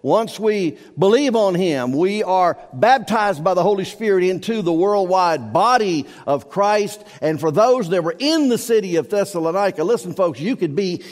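A man's voice: high-pitched, lively intonation, moderate pace, few pauses, big-room sound. A man preaching a sermon to his congregation, emphatic and repetitive, his voice rising and falling in force. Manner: emphatic, repeats key words, swells and drops in volume. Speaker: pastor. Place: church sanctuary.

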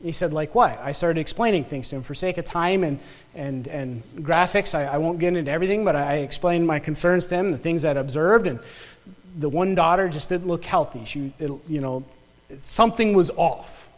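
A man's voice: on the high side, moderate pace, in a large hall. A male pastor from northern Michigan with a Yooper accent, preaching a sermon full of rhetorical questions and repeated words.

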